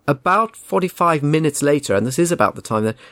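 A man's voice: fairly high pitch, expressive, fairly quick, fairly bright tone, no room sound, studio quality. Wry man telling a story. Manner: wry, indignant, rambling. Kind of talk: casual anecdote.

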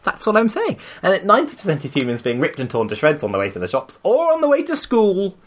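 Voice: medium pitch, wildly swooping pitch, fast. Playful, giggly podcast co-host. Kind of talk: casual chat.

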